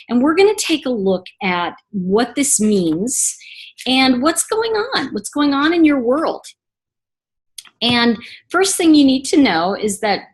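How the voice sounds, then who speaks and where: A woman teaching tarot reading in a chatty monologue, acting out little scenes in a hushed voice. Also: medium pitch.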